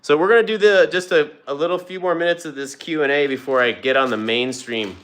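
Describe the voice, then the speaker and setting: A young man and dog owner hosts a casual livestream from home with his dogs nearby, talking loosely with fillers and restarts. He records on a phone mounted on a tripod for a vertical stream. His voice is a little high and fairly bright, and he speaks fairly quickly.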